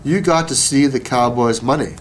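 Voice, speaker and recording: A man's voice: medium pitch, moderate pace, a little hiss or hum, lightly acted. Shrewd, leisurely small-town judge for a storybook, read by a man. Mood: wry. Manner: leisurely and wry.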